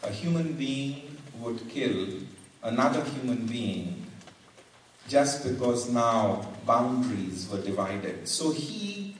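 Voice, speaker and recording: Male guest lecturer, measured storyteller, mid-range voice, roomy hall sound, distant mic. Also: mid-range voice, big pitch swings, a little hiss or hum. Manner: slow, deliberate storytelling with pauses. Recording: echoey hall, mic far off.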